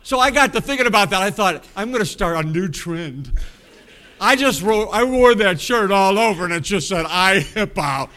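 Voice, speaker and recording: A man's voice: sits high, expressive, moderate pace, pushed and bright. A middle-aged man preaching, telling a rambling, folksy anecdote with self-amused laughs. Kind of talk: storytelling sermon.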